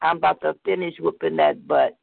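A woman's voice: sits low, very animated, brisk, vocal fry, no echo. A woman hosting a call-in poetry show and reading her poem bluntly and fiercely. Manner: blunt, fierce rhythmic recitation. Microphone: phone call. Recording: tinny phone line, dry.

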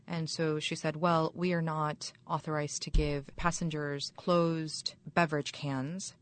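A woman, a university chaplain, recounting a personal experience in a measured, polite way. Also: sits low, little pitch movement.

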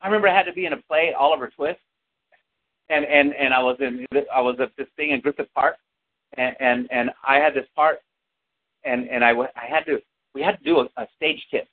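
A pastor with a brisk, mid-range voice preaches a sermon, calling to the congregation for responses and telling a story from his boyhood. The recording is tinny and lo-fi, with audible hiss.

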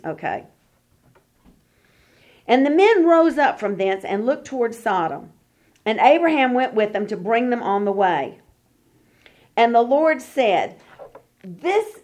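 A woman leading a Bible study, reading scripture aloud and then explaining it in casual talk, acting out the quoted speakers. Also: mid-range voice. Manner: acts out the quoted speakers in lively voices.

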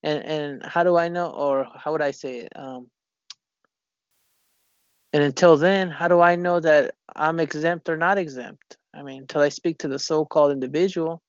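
A man in casual chat, rambling and halting, swearing often and restarting his sentences. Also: fairly high pitch, steady tone, no room sound. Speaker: conversation partner. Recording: dull lo-fi recording.

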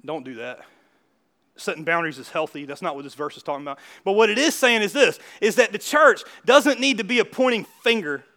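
A man preaches a sermon in a lively, conversational way, laughing along and pressing his points. His voice sits high for a man and rings with a bright, forceful edge. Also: brisk. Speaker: pastor.

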